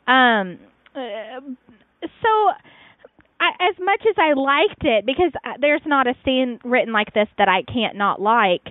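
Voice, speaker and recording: A woman's voice: sits high, animated, a little slow, dry recording. A woman chatting casually as a podcast co-host reviewing fan fiction, rambling with frequent fillers and restarts. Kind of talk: casual chat. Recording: tinny phone-like line, dry.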